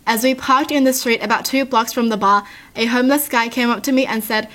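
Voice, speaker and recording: A woman's voice: fairly high pitch, steady tone, fairly quick, fairly bright tone. A woman reading stories aloud and adding chatty, earnest asides to her listeners. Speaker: story reader and commentator.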